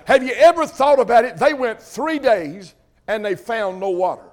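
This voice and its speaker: A man's voice: very high voice, lively intonation, moderate pace, darkish tone. An older man preaching a folksy sermon, calling questions out to his congregation.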